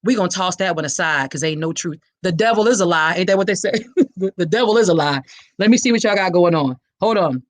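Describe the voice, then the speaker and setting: Brisk and fairly low-pitched, a survivor advocate and podcast host preaches with passion to her audience in a live-streamed awareness talk, reading comments along the way. There's no echo.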